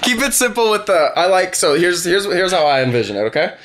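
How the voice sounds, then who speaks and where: A man's voice: sits high, big pitch swings, brisk. A man with a raised voice that leaps up and down, brainstorming comedy with his friends. He swears freely and acts the scene out between laughs, over a faint hiss of noise. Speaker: podcast co-host. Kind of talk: casual sketch brainstorming chat.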